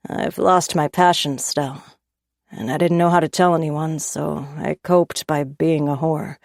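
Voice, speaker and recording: A woman reading the lines of an earnest young male chef in a low, soft, confiding voice. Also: fairly even intonation, unhurried, gravelly, no echo, clean studio sound. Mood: confessional. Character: man, young restaurant owner, charming and earnest.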